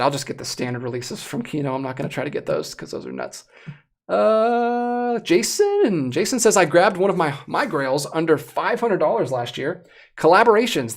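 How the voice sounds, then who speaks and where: A young adult host on a casual livestream, talking in an animated, excitable way. The voice has a gravelly rasp and is starting to wear hoarse. The pitch sits in a middle range. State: voice going hoarse. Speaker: livestream host reviewing disc collectibles.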